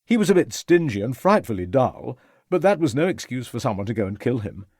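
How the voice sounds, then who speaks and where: A tipsy young toff slurs and rambles cheerfully in a lively, bouncing voice, as a male narrator puts him on. He talks a little higher and louder than the narrator's own voice, in a dry, close audiobook recording. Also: a little fast, no room sound. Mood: breezy. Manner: slurring, chatty, self-pitying. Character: tipsy, rambling young upper-class man.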